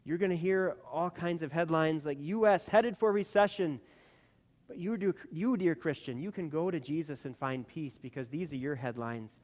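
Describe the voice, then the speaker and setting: A man preaching a sermon as a pastor, earnest, climbing to emphatic peaks and then dropping soft. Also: a little high, normal speed.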